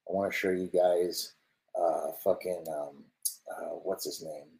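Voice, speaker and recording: A man in his twenties in casual live-stream commentary, swearing constantly and rambling to his viewers as he reacts to football highlights. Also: steady tone, a little slow, creaky, darkish tone, low-quality recording. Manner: loose and rambling, talks to viewers.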